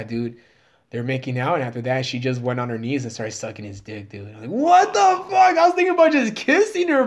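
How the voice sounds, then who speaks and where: A man in his thirties, a comedian guest telling a story in casual chat, profane and rambling with many fillers. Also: mid-range voice.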